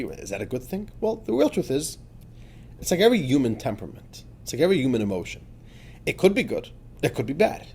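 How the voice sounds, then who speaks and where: A man, a rabbi, teaching a religious text in an emphatic lesson, moving between quiet asides and fervent, urgent outbursts. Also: mid-range voice, husky.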